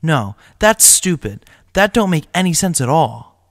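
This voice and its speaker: A man's voice: a little high, sing-song, unhurried, no room sound, clean studio sound, voice pushed up. A man voicing a wounded teenage boy who pleads for help in a strained voice. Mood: desperate. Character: wounded teenage boy gang member, desperate.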